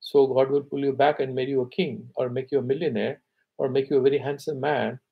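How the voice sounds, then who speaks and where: A man teaching scripture, reciting Sanskrit verses slowly and then explaining them conversationally. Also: mid-range voice, fairly even intonation, creaky, breathy edge, phone-quality sound. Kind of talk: explaining Sanskrit texts in a class.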